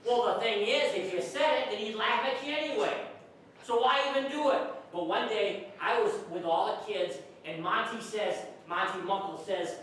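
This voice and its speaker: A man's voice: high voice, normal speed, fairly bright tone. A man playfully spins silly school stories for a room of children, stopping to ask them questions as he goes. He sounds distant, caught by a far-off camera in a church hall. His voice bounces around the very echoey room over a faint hiss. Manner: playful, chatty, asks kids questions. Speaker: children's entertainer. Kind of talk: comic storytelling to children.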